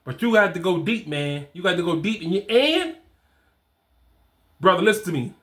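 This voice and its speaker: A man's voice: high voice, expressive, moderate pace. A man in his forties giving blunt fatherhood advice in casual slang, repeating his points for emphasis. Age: 40s. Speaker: fatherhood coach. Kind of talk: advice talk to camera.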